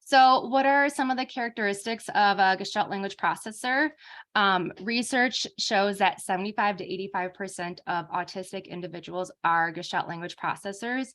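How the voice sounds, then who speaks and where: A woman's voice: medium pitch, fairly bright tone. A young adult woman giving an informal lecture as a speech therapist, talking casually with many fillers.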